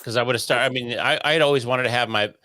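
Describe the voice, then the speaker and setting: A man's voice: medium pitch, quick pace, sharp tone, no echo. A man telling a story as an interview guest, in casual talk that acts out the quoted voices and swears freely.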